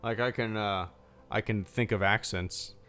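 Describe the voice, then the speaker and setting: A man's voice: fairly low pitch, fairly even intonation, a little slow, fairly bright tone, faint music behind. A man hosting a casual livestream Q&A with supporters, chatty and rambling, full of restarts. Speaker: YouTube channel host.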